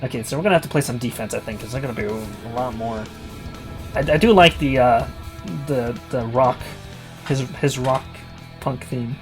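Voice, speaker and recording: A man's voice: medium pitch, normal speed, faint music behind. A man streaming a story game, reading its text aloud with casual, chuckling asides.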